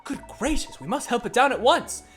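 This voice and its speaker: A man's voice: very high-pitched, very animated, a little fast, fairly bright tone, soft background music, pitched above the performer's own voice, full character voice. A man voicing a cheerful young woman detective in a raised, eager voice.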